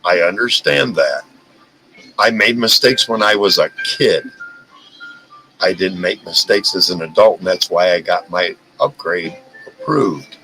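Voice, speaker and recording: A man's voice: low-pitched, unhurried, creaky, bright, forceful tone, soft background music, poor audio. A man hosting a live stream, talking in a heated, profane rant and often stumbling over and repeating his words. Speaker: livestream host.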